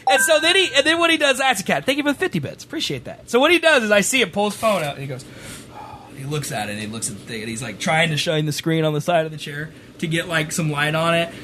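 A man telling a rambling story on a stream, animated, sometimes rising to a shout. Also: on the high side, fast, slight background noise. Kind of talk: casual storytelling chat.

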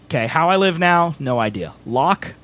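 A man's voice: fairly high pitch, normal speed. A man hosting a stream, chatting casually and teasing his friend, talking over him. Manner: animated, teasing, talks over others. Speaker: streamer host. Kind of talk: casual chat.

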